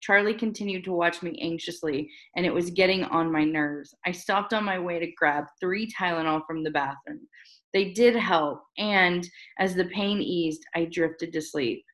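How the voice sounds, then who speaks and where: Woman reading a novel aloud, slightly low. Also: normal speed, low-quality recording. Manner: steady first-person narration with small slips and restarts. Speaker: reader.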